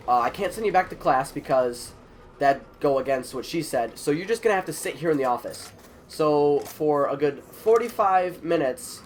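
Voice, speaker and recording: A teenage boy with a cold, his mid-range voice a bit congested, animatedly retells a school story vlog-style and acts out everyone else's lines. There's slight background noise.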